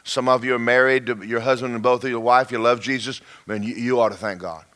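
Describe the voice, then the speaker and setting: Animated preacher man with a bright tone. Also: a little fast. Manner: animated, swings between loud emphatic lines and low quiet asides; folksy, acts out little dialogues. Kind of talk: sermon.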